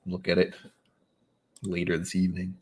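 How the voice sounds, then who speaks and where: A man with a lowish, husky voice talks loosely on a live stream. He drifts from one thought to the next, reading viewer comments aloud. He breaks in with wry, sudden bursts of enthusiasm. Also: moderate pace. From New England. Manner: rambling, wry, sudden animated asides.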